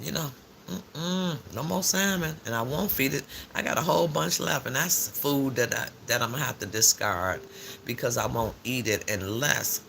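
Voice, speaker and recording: A man's voice: medium pitch, gravelly, a little hiss or hum. An older man hosting a casual morning live stream, chatting and telling stories in a loose, slangy way. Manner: chatty, animated storytelling with frequent laughs and slang.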